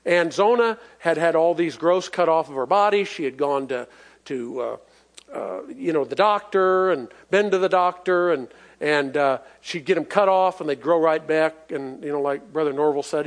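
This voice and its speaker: A man's voice: fairly high pitch, normal speed. A man preaching a sermon in a folksy, emphatic way, asking the congregation for responses and chuckling as he goes.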